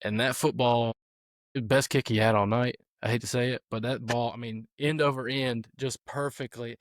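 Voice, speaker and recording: A man's voice: mid-range voice, fairly even intonation, moderate pace, dry recording, clean studio sound. A man, a football coach hosting a podcast, telling stories in a casual, rambling way with many fillers. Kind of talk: casual storytelling chat.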